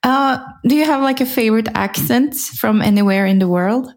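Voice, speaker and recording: A woman hosting a podcast, asking casual questions in an unhurried way. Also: a little high. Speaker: podcast host.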